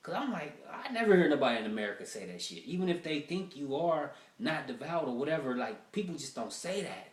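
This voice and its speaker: A man running through rough-draft stand-up jokes, telling long profane stories with lots of fillers and restarts. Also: medium pitch, sing-song, fairly quick, few pauses, echoey room, far from the mic. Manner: profane, rambling storytelling with many fillers. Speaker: stand-up comedian.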